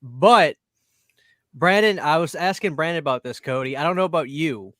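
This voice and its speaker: A man's voice: fairly high pitch, moderate pace, a bit bright, no echo, studio quality. A man hosting a casual livestream, upbeat and reading out chat names. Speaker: livestream host.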